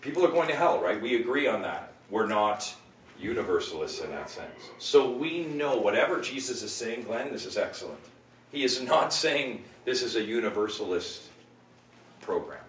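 A man teaching a Bible class, asking his listeners rhetorical questions in an animated way. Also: on the low side, moderate pace. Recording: roomy, distant mic with faint noise.

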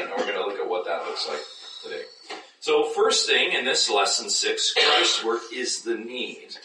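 A man preaching a sermon as pastor, animated, acting out doubters in high mocking voices. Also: slight background noise. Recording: echoey room, mic at a distance.

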